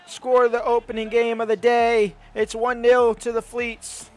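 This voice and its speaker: A young man giving excitable play-by-play commentary over his own football video game, rising to shouts at goals. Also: extremely high pitch, measured pace. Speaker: gaming YouTuber.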